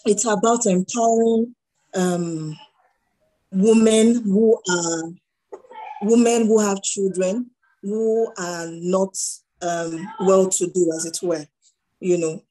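A middle-aged woman with a Nigerian accent talks through her stories in an interview. She slips into the voices of the people she quotes, and her tone stays mellow and warm throughout. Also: medium pitch, takes it slowly, poor audio. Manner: animated storyteller who acts out dialogue. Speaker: guest entrepreneur. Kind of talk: conversational interview.

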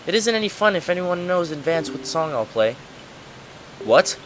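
A man's voice: fairly high pitch, sing-song, normal speed, slight background noise, voice pushed up. A man voicing a polite little male plant-creature musician with a put-on British accent, over game music. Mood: chatty. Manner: gentle, polite and earnest.

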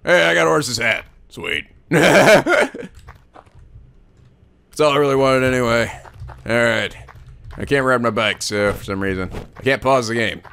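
A young man hosting a comedic video game let's play, excitable and profane, breaking into laughter and silly voices. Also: medium pitch, unhurried, gravelly, pauses often, clean tone.

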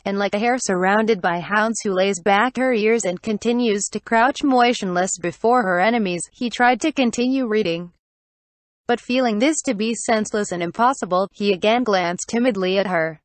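A woman narrating a classic novel as an audiobook, in an even, steady way that reads the punctuation aloud. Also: mid-range voice, no echo.

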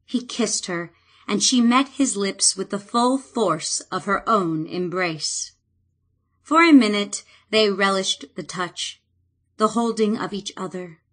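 A woman narrating a fantasy audiobook in a calm, measured way. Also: mid-range voice.

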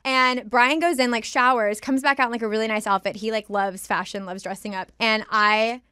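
Animated, swearing woman, smooth voice. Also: on the high side, normal speed, no echo, studio quality. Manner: animated storyteller, swears freely. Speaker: podcast guest. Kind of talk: casual podcast chat.

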